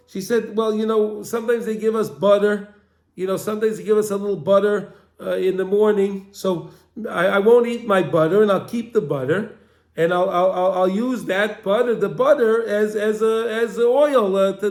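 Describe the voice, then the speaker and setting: A man tells a long religious teaching story, circling back over his own phrases and restarting as he goes. His voice is pitched high for a man. The room around him rings with a noticeable echo. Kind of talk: storytelling lesson. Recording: roomy echo.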